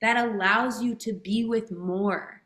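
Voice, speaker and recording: Bright-voiced woman coach, echoey room. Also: medium pitch, fairly even intonation, slow pace. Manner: casual, emphatic, swears freely. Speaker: guest, transformational coach. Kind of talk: podcast interview chat.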